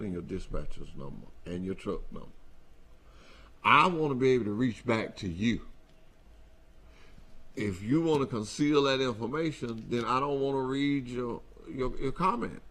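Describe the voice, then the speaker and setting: A man's voice: on the low side, a little hiss or hum. A man hosting a company show, talking in a folksy, repetitive, emphatic way to his truck drivers. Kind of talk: casual address to drivers.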